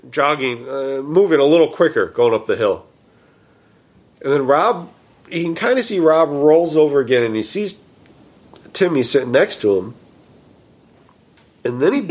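A man casually telling a story, animated and quoting himself and his friends. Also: mid-range voice.

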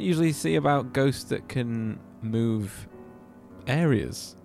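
A man co-hosting a casual chat, quick to react and speculate. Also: medium pitch, vocal fry, darkish tone, faint music behind. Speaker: co-host.

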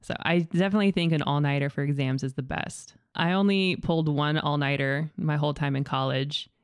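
A woman's voice: deep voice, fairly even intonation, brisk, clear, resonant tone, no room sound. A young woman hosting a podcast, chatting casually in an upbeat way and reading scripted narration. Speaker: podcast host.

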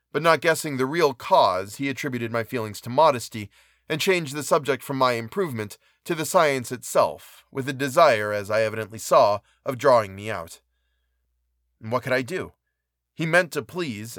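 A man reading a classic novel aloud in a measured, even narration. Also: mid-range voice, no echo, studio quality. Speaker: audiobook reader.

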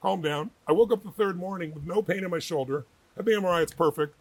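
A man's voice: high-pitched, fast, darkish tone, breathy edge, no echo. A middle-aged man telling stories with energy and emphasis as an interview guest, acting out the people he quotes. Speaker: guest, author and speaker. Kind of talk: animated interview storytelling.

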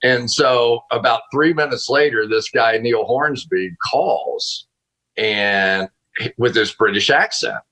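A man being interviewed as a football analyst over a video call from home, telling a story in a casual, animated way with frequent laughs and restarts. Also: mid-range voice, slow pace, poor audio.

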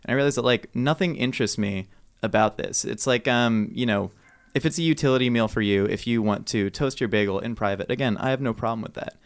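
A man making a rambling, jokey argument on a podcast. He plays it mock-earnest, as if pleading a grand cause. His voice sits at a middling pitch. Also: brisk, gravelly. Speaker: podcast co-host debater. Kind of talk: casual podcast debate.

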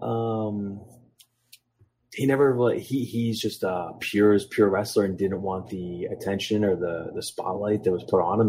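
Slight background noise sits behind a man whose voice is fairly low in pitch and dark in tone. He's in his thirties, hails from Philadelphia, and rambles through stories on a podcast, saying um a lot and acting out quotes along the way.

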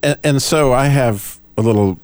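A man's voice: medium pitch, normal speed, darkish tone, dry recording. A middle-aged man hosting a radio talk show, chatting casually with frequent self-deprecating restarts.

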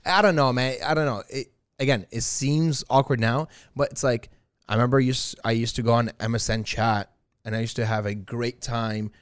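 Dude cohosting, chill and laughing, mid voice, dry close mic. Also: male voice, mid-range voice, fairly even intonation, normal speed, clear, resonant tone, dry recording. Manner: easygoing, laughs often, swears casually. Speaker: podcast co-host. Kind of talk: casual chat.

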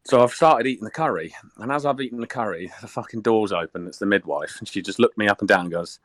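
Man, low-pitched, laddish sweary storyteller, dry recording. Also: quick pace, no room sound. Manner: laddish, swears freely, jokey. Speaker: podcast guest. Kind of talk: casual storytelling chat.

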